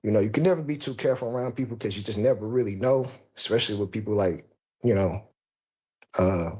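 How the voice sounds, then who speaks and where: A man calling in to a show, talking casually in a halting, stammering way. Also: fairly low pitch, mellow, slightly rough. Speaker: caller. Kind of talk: casual talk.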